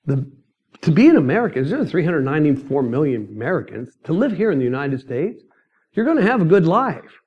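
A middle-aged man preaching his own story, pitched a touch high for a man. He tells it emphatically, like a storyteller, and at moments jumps into loud, high outbursts. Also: big pitch swings, a little fast, husky, lo-fi sound. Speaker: ministry leader telling his testimony. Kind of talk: sermon testimony.

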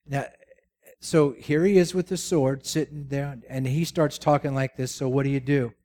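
A man's voice: mid-range voice, steady tone, moderate pace, mellow. A man preaching a sermon, telling the story with jokes and rhetorical questions. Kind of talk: sermon with humorous asides.

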